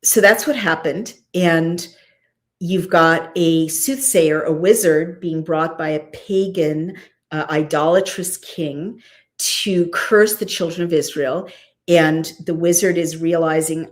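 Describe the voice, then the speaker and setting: Lively woman talking through a scripture story. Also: sits low, takes it slowly. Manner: lively, conversational, frequent asides. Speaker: host. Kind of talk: casual scripture commentary.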